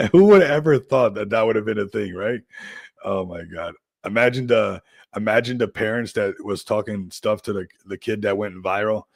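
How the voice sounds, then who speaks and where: A man's voice: lowish voice, moderate pace, vocal fry, no room sound, clean studio sound. A man hosting a crypto livestream, chatting casually in a rambling, upbeat hype style and laughing often.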